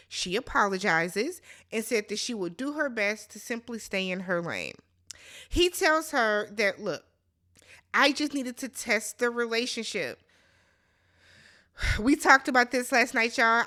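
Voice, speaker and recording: A woman's voice: a little high, bright, forceful tone. A woman hosting a casual reality TV recap, sassy and chatty, talking straight to her viewers. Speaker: recap host.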